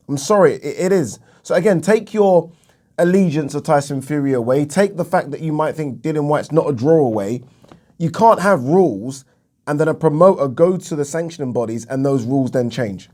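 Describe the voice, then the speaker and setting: A man's voice: fairly high pitch, expressive, moderate pace, a little mellow. A man giving a heated solo commentary on boxing, repeating himself for emphasis and swearing freely. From England. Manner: indignant, repetitive, emphatic, swears. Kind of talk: opinion vlog rant.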